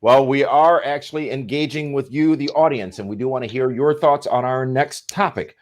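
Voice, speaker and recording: A man's voice: mid-range voice, moderate pace, few pauses. A man hosting a wrestling talk show, moving topics along with jokes and questions to the panel. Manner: joking, steering the discussion. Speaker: show host. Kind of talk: casual panel chat, moderating.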